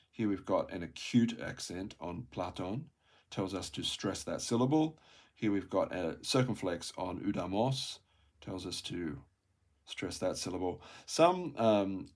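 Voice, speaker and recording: Low-voiced man, unhurried, self-correcting reader working through a textbook. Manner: slow, halting reading, repeating and correcting words; thinks aloud with soft asides. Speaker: language learner reading a textbook aloud. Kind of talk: casual read-through of a Greek textbook.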